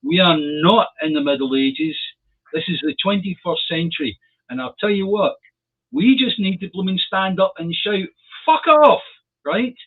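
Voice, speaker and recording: Husky man, phone-line sound. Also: high voice. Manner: measured, defiant, rambling asides. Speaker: co-host. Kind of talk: casual political chat. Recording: phone-like narrow audio.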